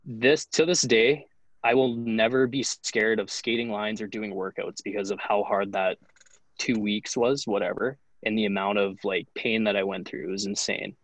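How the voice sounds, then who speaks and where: A man's voice: fairly low pitch, steady tone, normal speed, no echo, poor audio. A young man in his twenties, a podcast guest telling a story in a loose, profane, casual way, full of "like". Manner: loose, profane, heavy use of "like". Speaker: podcast guest, hockey goalie.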